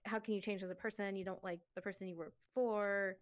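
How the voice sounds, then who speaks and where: A woman's voice: mid-range voice, fairly even intonation, fast talker. A young woman in casual chat as a co-host, chatty and giggly, full of fillers.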